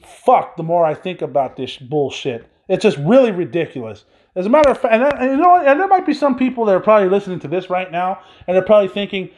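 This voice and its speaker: A man's voice: high-pitched, lively intonation, fairly quick, few pauses, darkish tone. A man hosting his own podcast, delivering an angry, profanity-laden solo rant. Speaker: podcast host. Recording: dull lo-fi recording.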